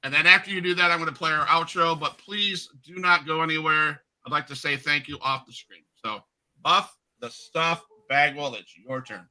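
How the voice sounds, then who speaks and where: A man in his fifties hosts a casual interview, his voice pitched a bit high and strikingly bright. He tells stories in a chatty, animated way. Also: normal speed, rough recording. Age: 50s. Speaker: podcast host.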